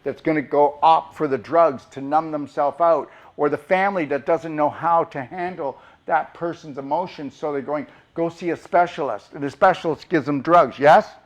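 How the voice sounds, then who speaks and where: A man speaks with fervor, firing rhetorical questions at his listeners as he drives each point home. His voice sits a little high for a man. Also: moderate pace, few pauses. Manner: emphatic, rhetorical questions to the audience. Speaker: doctor giving a talk. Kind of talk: impassioned motivational talk.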